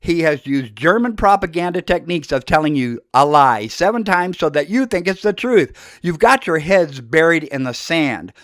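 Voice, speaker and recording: As a podcast host, an older man delivers an impassioned political monologue full of accusations and fiery outbursts, breaking into shouted speeches. His slightly high voice is animated, moving at a moderate pace with few pauses, in studio-quality sound without echo.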